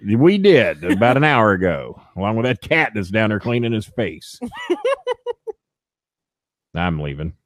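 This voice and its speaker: A man's voice: fairly low pitch, big pitch swings, a little slow, long pauses, no room sound. A man hosting a podcast in casual chat, swearing freely and cracking jokes with frequent laughter. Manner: profane, joking, laughs often. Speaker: podcast host.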